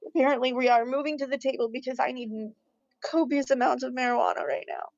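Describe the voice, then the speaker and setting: A woman's voice: high-pitched, steady tone, quick pace, gravelly, a little mellow, dry recording. A woman crying as she rants on a livestream, furious and profane, repeating herself as she vents. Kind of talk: angry livestream rant. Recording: dull lo-fi stream audio.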